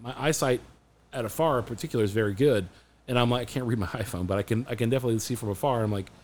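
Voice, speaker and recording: A man co-hosting a podcast, telling a story in casual chat, animated and often restarting his sentences. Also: mid-range voice, racing, a little hiss or hum. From Phoenix area, USA. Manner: animated, restarts a lot, acts out quotes. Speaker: podcast co-host.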